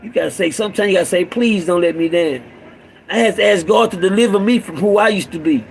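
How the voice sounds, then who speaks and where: Talking fast with vocal fry, a middle-aged man addresses fellow fathers in an impassioned street sermon that circles back on itself, alternating raised exhortation with a deep growl. The recording is rough, with slight hiss or hum.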